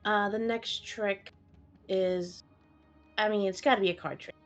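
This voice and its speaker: A woman's voice: medium pitch, fairly even intonation, measured pace, dull audio. A woman player describes her character's moves in a tabletop game. She talks casually and hesitantly, swearing freely. Faint music plays underneath.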